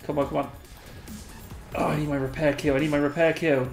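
A host giving live gameplay commentary, excitable and giggly, squealing a high catchphrase, then muttering quietly to themself. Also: brisk, creaky. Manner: mutters quietly to self between bursts. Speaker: gaming video host. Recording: roomy echo, faint game music behind.

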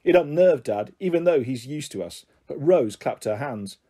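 A man reading a children's novel aloud in a lively, expressive storytelling manner. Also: medium pitch, normal speed, husky. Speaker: audiobook reader.

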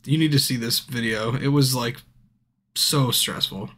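A man's voice: mid-range voice, measured pace, fairly bright tone. Drunk, swearing man streaming a game. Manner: frustrated, swears a lot, talks to viewers by name. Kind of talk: casual live-stream chat.

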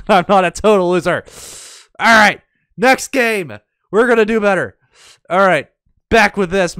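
A man giving casual gameplay commentary, excitable and panicky, with dramatic pleading and sarcastic, mock-indifferent asides. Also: sits high, clear, resonant tone, no echo. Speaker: gaming YouTuber.

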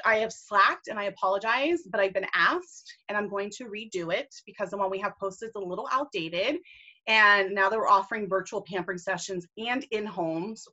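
A woman with a bright, forceful, medium-pitched voice leads her team on a video call, acting as team leader and mentor. She's enthusiastic, casual, and gushing as she encourages the group, and the high frequencies are cut off.

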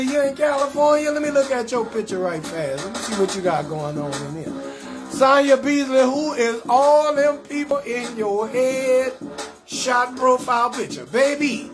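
High-voiced New man hyping viewers. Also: normal speed, music in the background. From New Orleans. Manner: loud, playful, rambling, shouts out viewers with sing-song lilts. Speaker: comedian hosting a live call-in show. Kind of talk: casual live-stream banter. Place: in bed at home.

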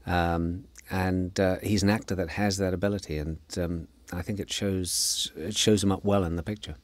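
A middle-aged man giving a relaxed, anecdotal film commentary as the director, with frequent fillers. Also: sits low, moderate pace, no echo. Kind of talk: DVD audio commentary.

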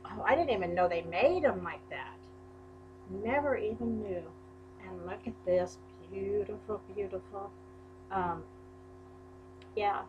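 A woman's voice: mid-range voice, measured pace, long pauses, darkish tone, lo-fi sound, slight background noise. A woman unboxing a crafting package in a vlog, gushing and exclaiming over each item. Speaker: crafting YouTuber. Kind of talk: unboxing a mail package on camera.

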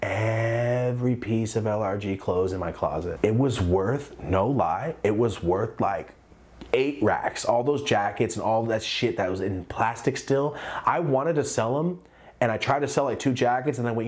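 Animated, profane young man telling a story. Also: lowish voice, normal speed. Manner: animated, profane, acts out quotes. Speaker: clothing brand owner and vlogger. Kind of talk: casual storytime.

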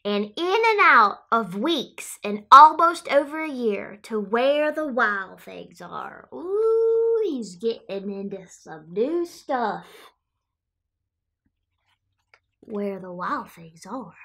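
A quirky, childlike storyteller who claims she was raised by wolves reads a picture book aloud, played by a woman. Her voice sits high and bright, and she takes her time, stopping often to chat about herself in the third person. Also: sing-song, takes it slowly, few pauses, full character voice. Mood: storytelling. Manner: chatty asides, speaks of herself in third person.

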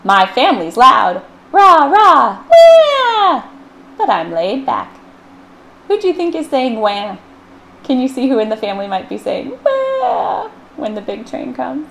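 A woman's voice: on the high side, big pitch swings, normal speed, creaky, fairly bright tone, slight background noise. Playful woman reading aloud to kids. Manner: playful, acts out sound words with big swings in voice. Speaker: children's librarian. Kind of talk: storytime read-aloud.

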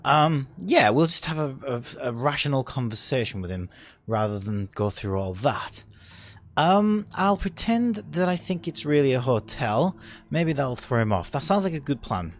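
A young man giving casual, sarcastic gameplay commentary, chatty and swearing, with sudden loud outbursts. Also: medium pitch, animated, moderate pace. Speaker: let's play gamer.

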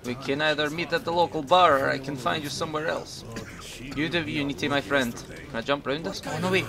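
A young gaming commentator does casual let's-play commentary, chatting and joking with his viewers as he plays. His voice is fairly high and brisk, with crowd noise in the background.

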